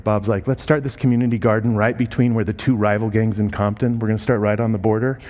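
A man's voice: lowish voice, fast talker, hardly any pauses, dull audio. A man preaching through personal stories in a conversational way, quoting the people in them. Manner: emotional, voice rising and breaking when moved; conversational, quotes people in lively voices. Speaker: speaker telling ministry stories. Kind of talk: sermon storytelling.

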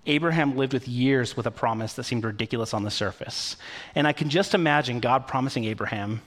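A man's voice: mid-range voice, fairly quick, a bit bright. A man preaching a sermon in a conversational, storytelling way, with occasional fillers. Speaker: pastor.

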